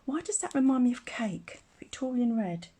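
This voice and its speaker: A woman's voice: on the high side, sing-song, normal speed, dark tone, slightly rough. A woman teaching a casual live craft demonstration, chatty and rambling, laughing often. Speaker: craft tutor.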